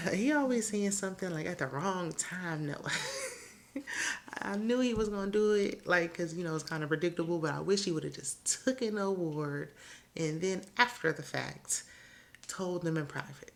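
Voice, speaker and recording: A woman's voice: fairly low pitch, normal speed, gravelly, slight background noise. A woman hosting a casual TV episode recap, chatty and opinionated, with laughing asides. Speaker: TV recap host.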